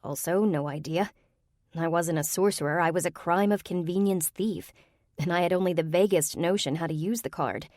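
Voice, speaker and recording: A woman's voice: fairly low pitch, fairly quick, darkish tone, no room sound, studio quality. A woman reading a first-person urban fantasy audiobook with a wry, comic delivery. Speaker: audiobook narrator.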